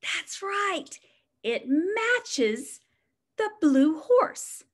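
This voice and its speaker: A woman teacher reads a picture book to little ones in a high, sing-song voice that swoops all over. She takes her time, unhurried and encouraging, pausing to ask the children questions. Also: big pitch swings. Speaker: preschool teacher. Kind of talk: reading a picture book aloud to young children.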